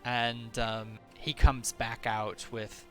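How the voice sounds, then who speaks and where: A man running a tabletop game as game master, describing scenes in a relaxed way with many fillers. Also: mid-range voice, slow, soft background music. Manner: relaxed, filler-heavy narration.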